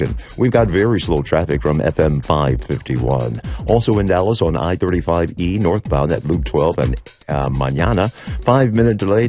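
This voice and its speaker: A man hosting a morning radio show, chatting upbeat and reading the traffic report with playful, drawn-out phrasing. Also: deep voice, a little mellow.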